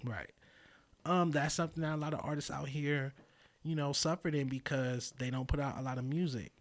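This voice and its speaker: A man with a fairly high voice speaks as a podcast guest. He talks casually and thoughtfully, pausing often with fillers as he works through his points. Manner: relaxed, thoughtful, many fillers. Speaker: podcast guest, magazine founder. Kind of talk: casual interview chat.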